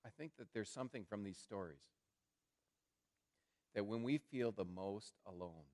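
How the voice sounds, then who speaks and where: A man preaching a sermon in a conversational way, calling his listeners friends and swinging between loud emphatic phrases and quiet, hushed asides. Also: on the low side, normal speed. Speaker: pastor.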